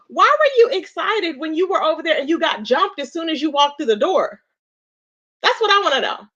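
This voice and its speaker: A woman's voice: very high voice, big pitch swings, fairly quick, fairly bright tone. A woman hosting a live stream, talking with sass and exasperation, asking rhetorical questions and greeting viewers with endearments. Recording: dull lo-fi stream audio.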